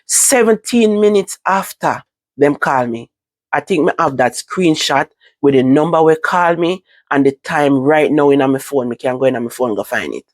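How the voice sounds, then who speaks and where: A woman's voice: low-pitched, dry recording. Jamaican woman telling a personal story. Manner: halting, repetitive recounting. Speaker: vlogger.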